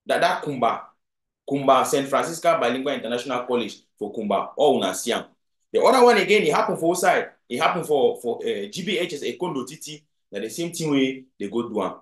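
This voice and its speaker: A man's voice: mid-range voice, animated, fast talker, roomy sound. A man with a Cameroonian Pidgin accent giving video commentary, emphatic and often putting rhetorical questions to his audience. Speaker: political commentator.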